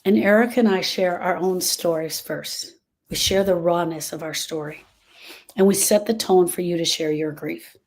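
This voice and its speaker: A woman's voice: fairly low pitch, normal speed, a little mellow. A woman hosting a live stream on grief, speaking earnestly and directly to viewers and repeating her key phrases for emphasis. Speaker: grief support host.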